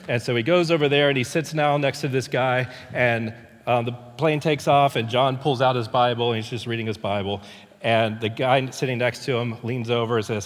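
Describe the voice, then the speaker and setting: An older pastor preaches in a relaxed storytelling way, stopping and restarting his sentences often. His mid-pitched voice rings out with a long reverb from a church hall. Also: normal speed. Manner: conversational storytelling with many restarts and fillers. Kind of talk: sermon. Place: church sanctuary.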